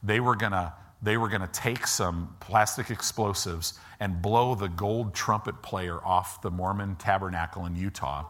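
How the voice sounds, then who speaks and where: Bright-voiced pastor telling a story. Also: male voice, low-pitched, moderate pace, hardly any pauses. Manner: animated storyteller, acts out quoted voices; informal, asides to the audience. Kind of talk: storytelling sermon. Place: church.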